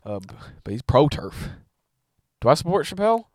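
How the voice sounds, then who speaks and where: Animated ranting comedian man. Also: on the high side, normal speed, dry recording. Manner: animated, profane ranting with laughs. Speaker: comedian podcast co-host. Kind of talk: casual comedic chat.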